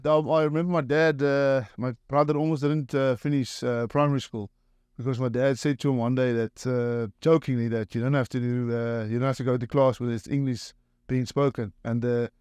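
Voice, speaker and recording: Guest: man, halting laughing anecdotes, very dry close sound. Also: mid-range voice, steady tone, a little mellow, clean tone, dry recording. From South Africa. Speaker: guest, former rugby player. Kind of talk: casual storytelling.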